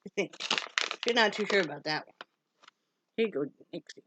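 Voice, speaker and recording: A woman's voice: medium pitch, expressive, fairly quick. A woman from Wyoming chatting casually while unboxing a dog subscription box, breaking off to scold and coo at her dogs. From Wyoming, USA. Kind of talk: casual unboxing vlog chat. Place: home with dogs around. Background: dogs moving and making noise.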